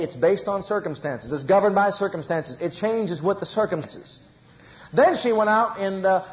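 A man preaching a sermon in an animated way, repeating phrases for emphasis and acting out everyday quarrels. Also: high voice, lo-fi sound.

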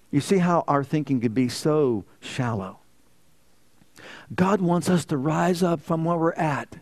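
A man's voice: a little high, very animated, measured pace, a little mellow. A male pastor preaching a fervent sermon full of rhetorical questions and exclamations.

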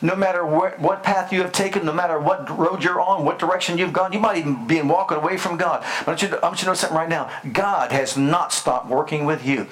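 A man's voice: fairly high pitch, fast talker, few pauses, fairly bright tone. An older man, a pastor, preaching a sermon in a rhythmic style with repeated phrases and call-and-response prompts.

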